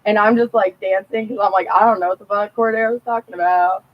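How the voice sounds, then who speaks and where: A woman's voice: mid-range voice, steady tone, a little fast, muffled recording. A woman telling personal stories in a blunt, rambling and profane casual monologue.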